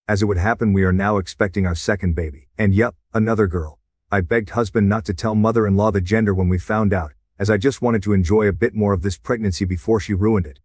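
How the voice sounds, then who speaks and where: A man narrating a reddit story as a scripted read, with a steady, even delivery. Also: fairly low pitch, no echo, studio quality.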